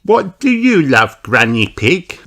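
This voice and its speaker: A man voicing a cheerful, bossy little girl piglet in a storybook read-aloud, in a high, excited sing-song voice. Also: slow pace, vocal fry, exaggerated voice. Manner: excited, eager.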